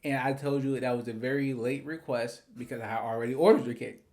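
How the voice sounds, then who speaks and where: A man's voice: medium pitch, steady tone, fast talker, darkish tone. A man co-hosting a podcast in casual chat, joking and teasing his partner. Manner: joking, playful. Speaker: podcast co-host.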